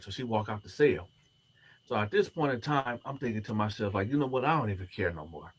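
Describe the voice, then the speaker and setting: A man's voice: lowish voice, moderate pace, slightly rough. A man, a former prisoner, telling a story and acting out the other people's lines as he goes. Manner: animated, acts out the other people's quoted lines. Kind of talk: storytelling to camera.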